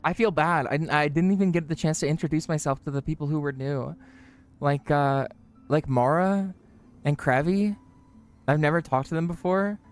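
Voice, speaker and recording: A livestreamer chatting casually with viewers and friends, joking, swearing and mocking themselves, with the pitch jumping high for greetings. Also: steady tone, normal speed. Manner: joking, profane, self-mocking.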